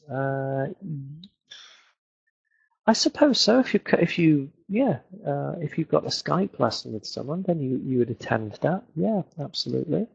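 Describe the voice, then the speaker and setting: A man's voice: medium pitch, gravelly, a little mellow, husky. A British man, a teacher answering questions in a webinar with many fillers and restarts. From Britain. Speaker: English teacher. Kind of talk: webinar Q&A lesson. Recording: dull lo-fi webinar audio.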